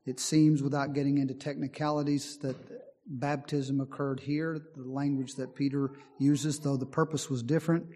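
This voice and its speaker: A man's voice: medium pitch, level tone, normal speed, a little mellow. A man preaching a sermon in an earnest, emphatic way, often reading scripture aloud. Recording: long hall reverb.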